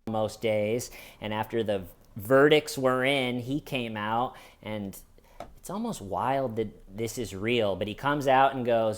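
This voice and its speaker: A man's voice: mid-range voice, unhurried. A man co-hosting a casual chat, telling a story with sarcastic asides. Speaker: podcast co-host.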